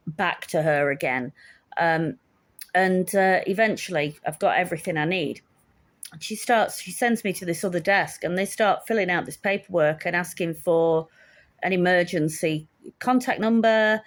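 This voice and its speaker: Wry woman in her fifties telling a story. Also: on the low side. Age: 50s. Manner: candid, wry, acts out the dialogue. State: shaken, stressed. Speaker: vlogger. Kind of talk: casual storytelling.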